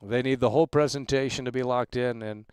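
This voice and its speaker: A man's voice: medium pitch, fairly even intonation, fairly quick, clean tone, dry recording. A man hosting a casual livestream talk show, hyping viewers with repeated catchphrases and rambling through opinions with many restarts. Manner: emphatic hype shout-outs with repeated catchphrases; rambling, with frequent restarts and fillers.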